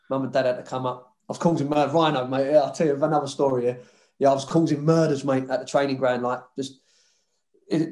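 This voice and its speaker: A former footballer guest with a medium-pitched, darkish voice shares rowdy football-days stories in a casual chat. He swears freely, laughs frequently, and mimics others.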